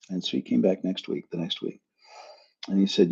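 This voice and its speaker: A man's voice: low voice, steady tone, normal speed, creaky, pauses often, a little mellow, husky. A man hosting a live stream as a spiritual coach, talking in a frank, blunt, casual way and swearing now and then. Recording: dull lo-fi sound.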